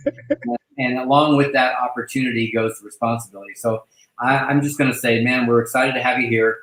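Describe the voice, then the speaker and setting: A man hosting a casual online chat who talks effusively, halting often to restart his sentences. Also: mid-range voice, steady tone, a bit bright, roomy sound, poor audio. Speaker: host welcoming a new agent.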